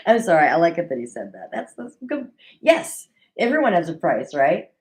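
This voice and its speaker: A woman's voice: lowish voice, moderate pace, poor audio. A woman hosting a casual recap show from her desk at home, chatty and opinionated. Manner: chatty, opinionated, animated with mock quoted voices. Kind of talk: casual solo recap commentary.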